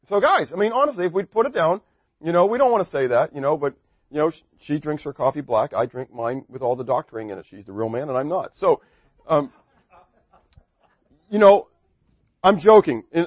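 A middle-aged male pastor giving a sermon with a slightly high voice, joking and chatty, firing rhetorical questions at his listeners. The sound is dry and a little dull. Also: lively intonation, fairly quick, pauses often, no echo.

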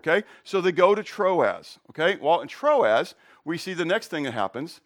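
A man's voice: high voice, very animated, normal speed, hardly any pauses, a bit bright. A middle-aged male pastor preaching a conversational sermon, asking the congregation questions and telling jokes and personal stories.

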